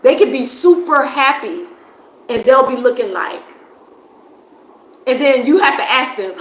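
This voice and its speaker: An expressive woman from the States, chatting casually to camera. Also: high-pitched, measured pace, long pauses, roomy sound, rough recording. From United States. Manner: expressive, animated, laughs often. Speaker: vlogger.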